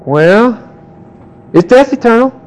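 A man teaching a Bible class, questioning his students and calling on them by name, slowing down to quote verses. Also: very high voice, lively intonation, rough recording. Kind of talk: interactive Bible class lecture.

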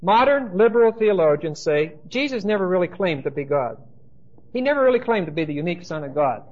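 A man's voice: high voice, sing-song, a little fast, dull audio. A man preaching a sermon with emphasis and dry humor, speaking straight to his listeners.

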